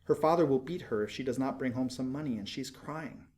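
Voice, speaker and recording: A man's voice: medium pitch, a little fast, a little mellow, close to an everyday voice. A man reading a storybook aloud, voicing a generous, sorrowful statue prince who speaks in a solemn, pleading way.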